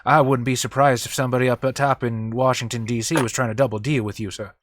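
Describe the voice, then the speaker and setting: A man's voice: medium pitch, steady tone, fast, pitched below the performer's own voice, lightly acted. A man voicing a blunt, wary country man, talking in an earnest, homespun way.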